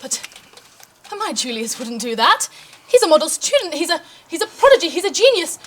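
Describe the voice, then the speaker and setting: A haughty, theatrical mother with a high, bright voice, played by a woman in a student comedy drama. She talks down to everyone with melodramatic pomp. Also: animated, fairly quick. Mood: aghast. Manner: haughty, melodramatic, escalates into shrill outrage. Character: pompous indignant middle-class mother. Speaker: parent.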